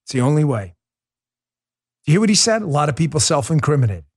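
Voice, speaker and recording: Impassioned middle-aged man, fairly high voice. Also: sing-song, fast talker, breathy edge. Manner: impassioned, swings from quiet to loud indignation. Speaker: podcast host. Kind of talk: political commentary monologue.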